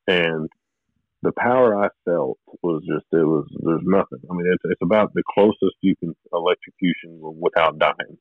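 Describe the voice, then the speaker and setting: A man's voice: sits low, normal speed, dry recording, phone-quality sound. A man telling a personal spiritual story in a rambling way, with restarts and short laughs. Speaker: guest telling his testimony.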